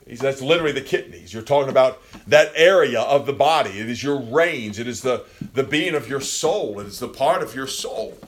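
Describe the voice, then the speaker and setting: A man preaching a sermon with passion, swinging from quiet, low passages to loud, near-shouted peaks. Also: animated, fairly quick, hardly any pauses.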